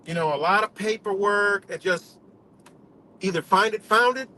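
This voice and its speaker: A man's voice: high-pitched, moderate pace, bright, forceful tone, a little hiss or hum, poor audio. A man hosting a live stream, ranting bluntly with heavy cursing and lots of "you know" fillers, from New York State. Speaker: livestream host. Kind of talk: profane casual rant.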